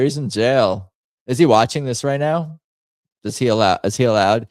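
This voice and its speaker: A man hosting a livestream, chatting casually and thinking out loud as he reacts to memes and viewer comments with jokey asides. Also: medium pitch, lively intonation, normal speed, no echo. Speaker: livestream host.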